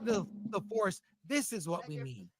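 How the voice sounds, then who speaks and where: Man, recapping episode, high voice, halting, explanatory, dry sound. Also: sing-song, a little mellow, no echo. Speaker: podcast co-host.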